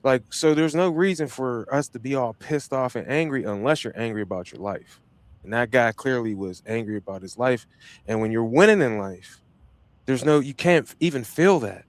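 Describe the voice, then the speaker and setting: A man's voice: medium pitch, normal speed, no echo. Hyped, slangy podcast host man. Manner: hyped, slangy, repeats himself. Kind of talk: casual motivational chat.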